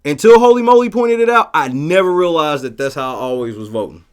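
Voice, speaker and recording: A man hosting a casual livestream, talking profanely and telling stories with lively shouted bits as he reads the chat. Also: fairly high pitch, fairly quick, clean tone. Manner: profane, animated storytelling with shouted quotes. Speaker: livestream host reading chat.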